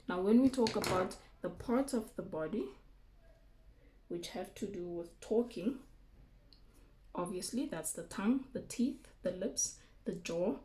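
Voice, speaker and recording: A woman teacher giving a recorded remote lesson, explaining terms slowly with frequent okays and ums. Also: medium pitch, darkish tone. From South Africa.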